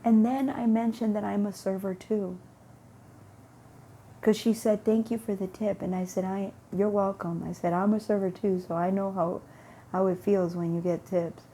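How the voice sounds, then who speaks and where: A woman's voice: medium pitch, fairly even intonation, moderate pace, warm tone, a little hiss or hum. A woman vlogger telling a rambling everyday story about her faith, acting out both sides of a conversation and often repeating words.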